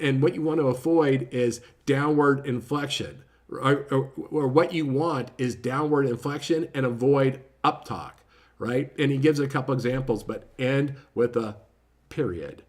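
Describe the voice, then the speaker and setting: Casual man reviewing a book, quiet and quick. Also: medium pitch. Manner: informal, self-correcting, lots of "right?" tags; says he often speaks too quietly and too fast.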